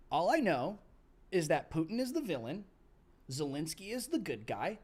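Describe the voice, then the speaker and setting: Guy ranting sarcastically on his live stream, high voice. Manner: laughs at his own jokes. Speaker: political commentary host.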